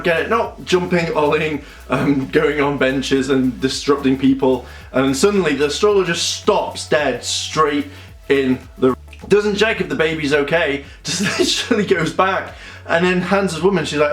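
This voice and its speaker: A young man, chatting casually as a video reviewer and acting out scenes in quick little voices. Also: a little high, animated, a bit bright. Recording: echoey room with faint music.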